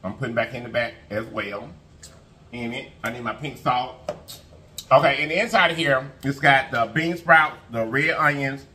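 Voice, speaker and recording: A man's voice: mid-range voice, moderate pace, pushed and bright, a little hiss or hum. A man hosting an eating show, chatting casually to his viewers and humming as he eats. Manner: chatty, folksy, keeps addressing viewers, hums while eating. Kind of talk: casual mukbang chat to viewers.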